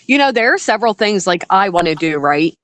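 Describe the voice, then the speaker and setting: A woman's voice: medium pitch, big pitch swings, fairly quick, a bit bright, dry recording. A woman talking bluntly in casual group chat, exasperated and swearing freely.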